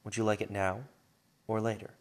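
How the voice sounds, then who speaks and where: A man's voice: fairly low pitch, normal speed, lightly acted. Man doing a kind old warrior master. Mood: teasing. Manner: calm, fond and teasing.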